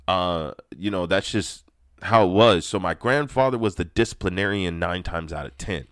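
A man hosting his own podcast, telling personal stories in a ranty, profane, animated way that gets loud when he is excited. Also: low voice, moderate pace, smooth, dry recording, studio quality. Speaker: podcast host. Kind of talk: ranty personal storytelling monologue.

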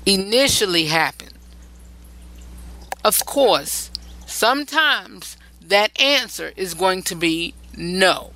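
The woman hosting this relationship advice show has a mid-range voice that comes across pushed and bright, and the recording is rough. She talks loosely, leans on repeated phrases for emphasis, and often wanders off and restarts.

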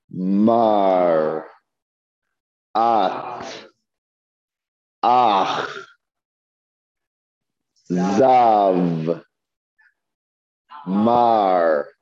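A man teaching Hebrew reading, sounding out words slowly and patiently and repeating them. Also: fairly low pitch, a little mellow, dry recording. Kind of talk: slow, patient reading lesson. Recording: dull lo-fi dry recording.

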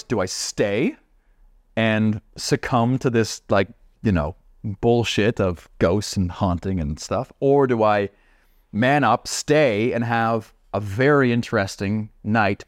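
A man tells a story as a podcast guest in a loose, animated way, stacking up asides as he goes. His voice sits at a middle pitch. It is recorded dry and close, with no room around it. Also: a little slow, no room sound. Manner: animated, chatty, lots of fillers and asides. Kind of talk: casual storytelling.

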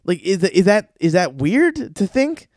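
A man hosting a podcast, telling long rambling stories in a casual, profane way, often breaking into high-pitched voices to act out other people. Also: big pitch swings, moderate pace, a little mellow, dry recording, clean studio sound. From lives in Los Angeles. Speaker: podcast host. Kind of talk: casual storytelling monologue.

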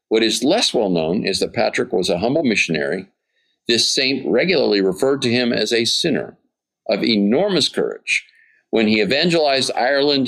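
A man with a lowish voice delivers an informal sermon. He reads passages aloud, breaks off to explain them, and keeps checking in with his listeners. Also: vocal fry, fairly bright tone. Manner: informal, checks in with "right?" and "okay?". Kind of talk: conversational Bible teaching.

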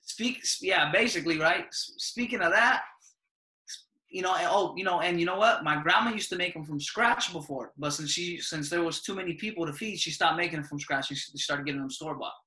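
A man's voice: fairly high pitch, fairly quick, bright, forceful tone, roomy sound. A young man in casual podcast chat, telling stories with lots of slang and frequent laughs. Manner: laid-back slang-heavy storytelling, laughs often. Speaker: podcast host.

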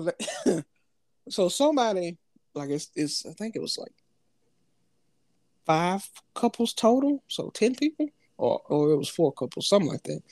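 Laughing frequently, this podcast co-host spins stories in relaxed slang during a casual conversation. His voice sits high but has a darkish tone. There's no room sound.

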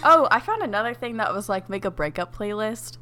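A woman's voice: medium pitch, lively intonation, a little fast, sharp tone. A young woman co-hosting a podcast, frank and giving advice in casual chat, laughing often. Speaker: podcast co-host.

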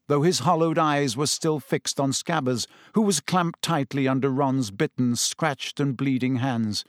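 A man narrating an audiobook in a measured, even way. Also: mid-range voice, no echo, clean studio sound. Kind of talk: scripted narration.

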